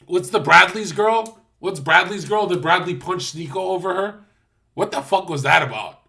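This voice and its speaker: A young man ranting on a livestream in a high, bright voice. He tells the story in a mocking, profane way and puts on the voices of the people in it. His delivery is loose and casual, like a streamer talking to chat. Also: creaky. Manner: acts out the other people in his stories.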